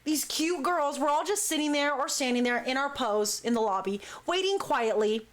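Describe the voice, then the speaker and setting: A woman hosting a talk show, telling a story in a lively, casual way and acting out what people said. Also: high voice, moderate pace. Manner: lively, acts out quoted speech. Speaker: talk show host, dance crew member.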